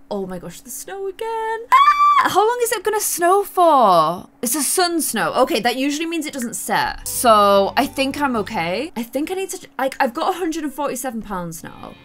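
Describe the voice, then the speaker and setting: A woman's voice: on the high side, fairly bright tone, slight background noise. A young woman commenting on her own life-sim gameplay in a chatty, giggly, self-mocking way. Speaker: gaming YouTuber. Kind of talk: Let's Play commentary.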